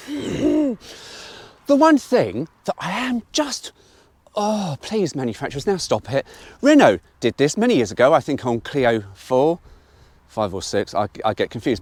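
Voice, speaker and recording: Lively, animated man reviewing a car. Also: on the high side. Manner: chatty, blunt and opinionated, with mild swearing.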